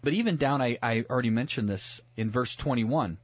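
Husky low voice guy, earnest pastor type on radio, dull muffled audio. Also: brisk, no room sound. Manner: earnest, reflective, repeats words at restarts. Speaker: pastor guest. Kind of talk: radio talk about the Bible.

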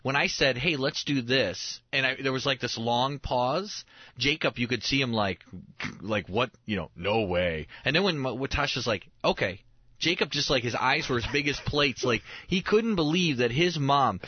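Expressive and slightly rough, this medium-pitched voice belongs to a thirty-something pastor and talk-show host speaking at a moderate pace. He casually shares family stories, frequently chuckling and breaking off to restart phrases, in a lo-fi recording with no room sound.

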